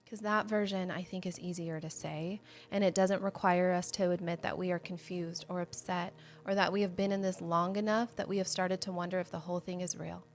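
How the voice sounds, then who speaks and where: A woman's voice: on the low side, steady tone, fairly quick, few pauses, soft background music. Earnest woman teaching a devotional livestream. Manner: earnest and conversational, speaks straight to viewers; candid, shares personal faith struggles. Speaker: host of a Bible study show.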